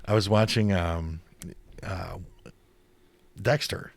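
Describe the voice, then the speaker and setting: A man's voice: low-pitched, steady tone, takes it slowly, gravelly, no echo. A man co-hosting a podcast in casual chat, rambling with many fillers and frequent swearing. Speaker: podcast co-host.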